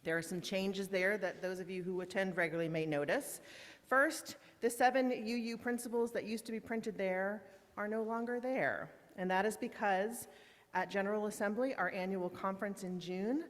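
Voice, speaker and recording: A woman's voice: mid-range voice, moderate pace. Woman minister in a reverberant church. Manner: warm, informal, with fillers and slips. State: emotional, holding back tears. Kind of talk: welcome and announcements in a church service. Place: large church meetinghouse.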